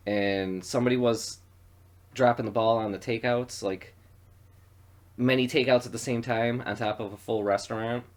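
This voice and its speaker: A man from western New York co-hosting a podcast, telling profane stories in a loose, animated way. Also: medium pitch, normal speed. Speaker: podcast co-host. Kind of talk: casual storytelling chat.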